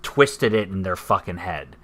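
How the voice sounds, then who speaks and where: A man's voice: low-pitched, animated, measured pace, a crowd in the background. A man, co-hosting a podcast in casual, rambling, profane chat that often trails off into mumbles. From Canada. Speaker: podcast co-host.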